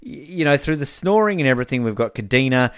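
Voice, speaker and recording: A man's voice: medium pitch, expressive, fast, a bit bright, clear, resonant tone. An Australian man co-hosting a podcast, chatting casually and recapping a reality show, laughing often and acting out quotes. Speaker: podcast co-host.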